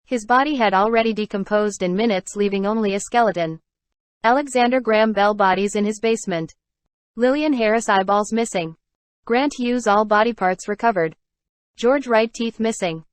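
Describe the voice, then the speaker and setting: A woman's voice: mid-range voice, no echo. A woman reciting a surreal spoken-word piece in a chanting, repetitive, dramatic way.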